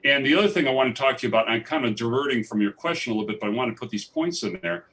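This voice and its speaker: Rapid-fire and fairly bright, this mid-range male voice belongs to a documentary filmmaker telling stories during a live festival interview on a theatre stage. His enthusiasm makes him ramble and restart often, and a distant mic picks him up.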